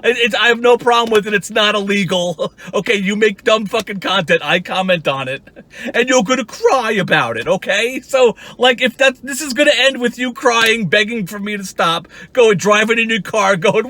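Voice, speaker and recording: Guy ranting on his channel, swears a lot, teasing, kinda high pitched. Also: lively intonation, moderate pace, pushed and bright, no echo. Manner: profane, mocking, frequent laughs and restarts. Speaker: YouTube commentator. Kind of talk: ranting commentary.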